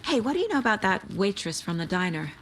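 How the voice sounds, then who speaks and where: An actress playing a calm, focused female federal agent who speaks in a composed, businesslike way. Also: medium pitch, fast talker, slight background noise, lightly acted. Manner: composed, businesslike, matter-of-fact.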